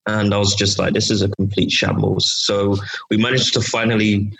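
A young man with a low, husky voice tells a story in a loose, animated way. He talks as a student chatting casually with his friends, stopping now and then for laughing asides. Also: moderate pace, low-quality recording. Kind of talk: casual chat.

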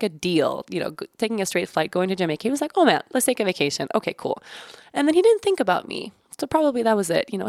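A woman's voice: fairly low pitch, vocal fry, no echo, studio quality. A woman in her thirties hosting a podcast, talking candidly about her family, swearing casually and often laughing. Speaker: podcast host. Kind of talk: personal reflective podcast monologue.

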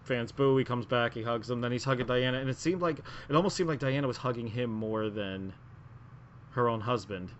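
A man's voice: medium pitch, brisk, slight background noise. Rambling man on a muffled podcast. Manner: rambling, lots of filler words and restarts. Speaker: podcast co-host. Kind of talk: casual wrestling podcast chat. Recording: muffled lo-fi audio.

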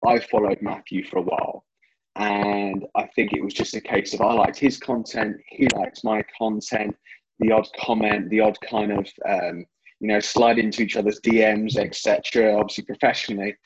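A man's voice: on the low side, steady tone, normal speed, dull audio, slight background noise. A British man, a fitness writer, chatting as a podcast guest over a remote call, often repeating words as he thinks. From Britain. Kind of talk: casual interview chat.

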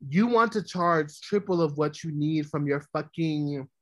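A woman's voice: low-pitched, measured pace, hardly any pauses, dry recording. Emphatic ranting woman, casual chat. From New York. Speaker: podcast co-host.

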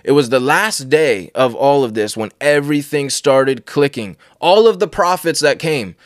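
A man's voice: medium pitch, lively intonation, moderate pace, no echo, studio quality. A man telling a personal faith testimony in a casual, earnest way, repeating phrases for emphasis. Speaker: Christian speaker and podcast host.

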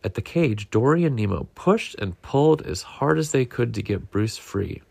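A man reading a picture book aloud to a child at home, in a gentle, unhurried storytelling manner. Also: mid-range voice, lively intonation, vocal fry, breathy edge, dry recording.

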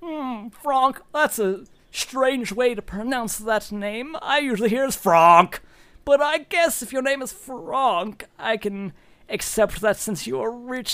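A man voicing a haughty, absurd upper-class man in a prim, drawn-out, sing-song voice. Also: very high-pitched, fairly bright tone, no room sound, voice pushed up, heavily acted.

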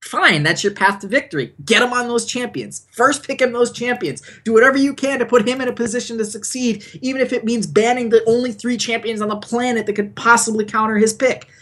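A man's voice: extremely high pitch, brisk, hardly any pauses, fairly bright tone. A man co-hosting a podcast, giving emphatic, opinionated esports analysis in casual chat. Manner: opinionated, emphatic, repeats for punch. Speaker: podcast co-host.

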